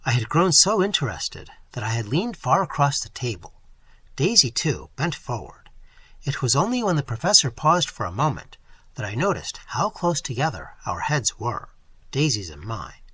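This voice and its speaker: A man's voice: mid-range voice, moderate pace, husky, dry recording. A man narrating a novel in the first person, telling it expressively. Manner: expressive, wide-ranging storytelling. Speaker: audiobook narrator.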